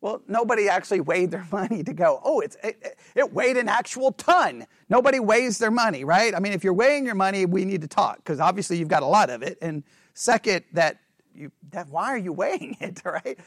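A man's voice: sits high, lively intonation, fairly quick, no room sound, clean studio sound. A man teaching a Bible study class in a conversational, playful way, acting out sarcastic remarks and often checking "right?" with his listeners.

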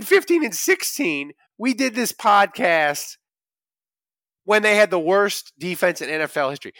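A man's voice: high voice, a bit bright, dry recording, clean studio sound. A man hosting a sports podcast, boisterous and joking in casual chat. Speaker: podcast host.

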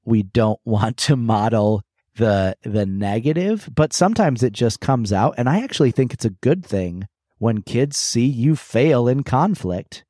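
A middle-aged man co-hosts a casual, conversational podcast, sharing personal stories in a reflective, candid way and often restarting his sentences. His mid-range voice is mellow and animated, a little slow, with clean studio sound and no echo.

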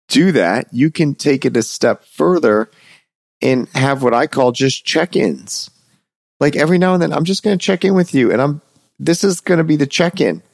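A man co-hosting a podcast, chatting casually and telling a parenting story with lively, acted-out dialogue. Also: mid-range voice, creaky, no echo, studio quality. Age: adult parent. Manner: animated storytelling, acts out dialogue. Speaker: podcast co-host. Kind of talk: casual conversation.

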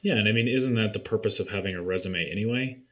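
Male podcast guest, lower register, candid, easygoing delivery with fillers. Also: fast talker. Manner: relaxed, candid, frequent fillers. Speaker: podcast guest, marketing consultant. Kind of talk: casual podcast conversation.

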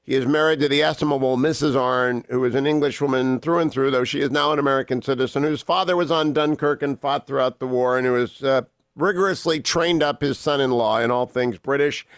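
A male radio talk show host with a mid-range voice, recorded dry and close in the studio. He opens with booming, theatrical greetings, then steers the interview with long, wordy questions. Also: fairly even intonation, brisk, hardly any pauses, no echo.

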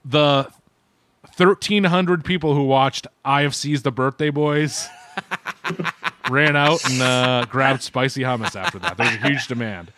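A man's voice: medium pitch, a little slow, fairly bright tone. Rambling man reviewing food. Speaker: podcast co-host. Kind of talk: casual chat.

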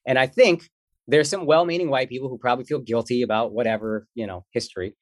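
Man, comedian guest, joking and slangy, mid-pitched voice, dry close sound. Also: fast talker, no room sound. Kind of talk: casual interview chat.

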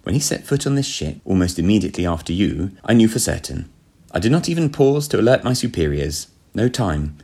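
A man voicing a breezy, coolly unbothered young gentleman spy with an airy, genteel, offhand manner. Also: lowish voice, very animated, fairly quick, creaky, breathy edge, full character voice.

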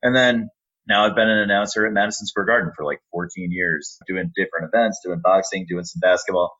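A man who works as an arena announcer, telling animated stories in an interview. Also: low voice, a little fast, muffled recording. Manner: animated storyteller, lively, acts out quotes. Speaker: arena public address announcer. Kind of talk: storytelling in a podcast interview.

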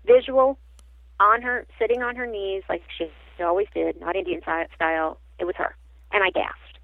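A woman guest who works as a psychic medium tells a personal story in an animated, halting way, often restarting her sentences. She speaks at a mid pitch for a woman. Her voice comes through a thin, tinny phone line with a dry sound. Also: vocal fry, dry recording.

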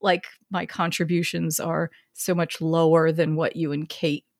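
A woman's voice: low voice, flat delivery, a little slow, dry recording, clean studio sound. A woman co-hosting a podcast in casual chat, laughing often as she retells stories. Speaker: podcast co-host.

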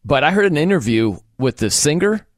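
Man, sports radio co-host, lively up-and-down voice, dry close studio sound, jokey casual chat. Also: a little high, fairly quick, no room sound. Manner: animated, joking, laughs often.

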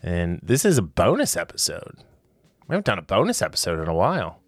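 A man's voice: low voice, huge pitch swings, a little fast, dry recording. A man hosting a podcast in casual chat, rambling and joking with frequent restarts. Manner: joking, rambling, self-interrupting. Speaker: podcast host.

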